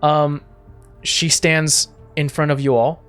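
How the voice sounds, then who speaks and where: A man's voice: on the high side, level tone, slow pace, a bit bright, clean tone, faint music behind. A man narrating a tabletop game as game master, describing scenes in a rambling way with many fillers and restarts.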